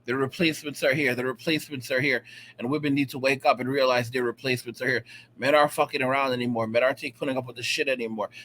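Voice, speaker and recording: Slightly high and fairly bright, a male vlogger's voice carries a profane, rambling rant to camera. He keeps repeating himself with emphasis and frequently asks his viewers "all right?"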